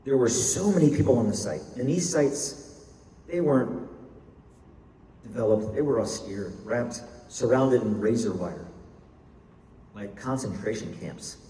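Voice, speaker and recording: A man's voice: mid-range voice, mellow, slight background noise. Emphatic older man in an echoey hall. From United States. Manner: measured, emphatic storytelling with pauses. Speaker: speaker. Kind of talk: public talk. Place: university lecture hall. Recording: echoey hall, mic far off.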